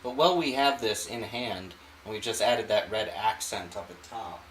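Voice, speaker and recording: A man with a slightly low voice hosts an art lesson, talking the viewer through each brushstroke in an easy, musing way. He is recorded in a roomy studio, with a faint hiss behind him. His talk stays unhurried and conversational. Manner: relaxed, thinks aloud while painting. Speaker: art channel host. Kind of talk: painting demonstration.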